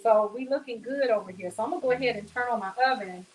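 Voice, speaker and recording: This cooking host talks quickly in a somewhat high voice, and the recording is low quality. Standing in her home kitchen, she walks viewers through a relaxed demonstration, chatty and down-home, with plenty of y'all and honey.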